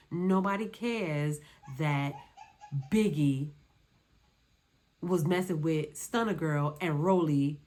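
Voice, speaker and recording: A woman gives casual commentary on a reality show. Her voice sits a little low, and she is sassy and dismissive, hammering the same phrase over and over.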